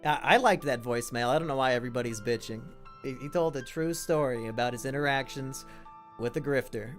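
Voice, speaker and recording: A man's voice: mid-range voice, brisk, faint music behind. A man hosting a stream, reacting to voicemails in a dry, offhand way. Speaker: streamer host. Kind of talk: casual stream commentary.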